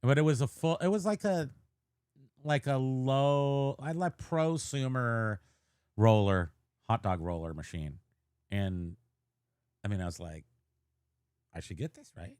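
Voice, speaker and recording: A man's voice: medium pitch, measured pace, pauses often, darkish tone, clean tone, no echo. Joking, rambling man on a dry podcast mic. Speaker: podcast co-host. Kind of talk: casual podcast chat.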